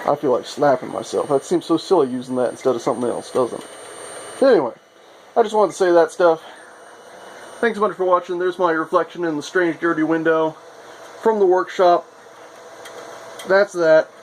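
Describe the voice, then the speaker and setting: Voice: medium pitch, normal speed, pauses often, a little hiss or hum, low-quality recording. A maker vlogger chatting casually and playfully in a workshop, showing off projects with self-mocking asides. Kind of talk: casual show-and-tell vlog.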